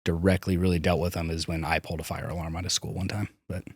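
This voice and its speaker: A man's voice: sits low, little pitch movement, quick pace, husky, no echo. A man, a podcast guest, candidly recounting his childhood, swearing freely and restarting his sentences. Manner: frank, swears, hesitant restarts. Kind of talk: candid personal storytelling.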